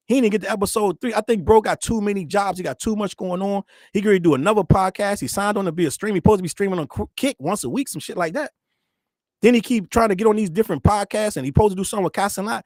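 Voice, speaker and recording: Male host, high voice, rapid rambling commentary, laughs through his lines. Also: darkish tone, no echo, studio quality. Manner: profane, rambling, laughs mid-sentence; mimics other people in quick quotes. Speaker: show host. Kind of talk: casual pop-culture commentary.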